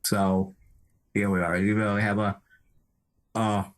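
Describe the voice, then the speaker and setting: A man's voice: lowish voice, flat delivery, unhurried. A man working through a geometry problem as a math tutor, talking in a hesitant, methodical way.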